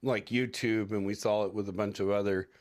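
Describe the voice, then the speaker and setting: A man's voice: lowish voice, steady tone, a little fast, a little mellow. Joking male podcast co-host. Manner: joking, rambling, acts out quoted lines. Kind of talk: casual chat.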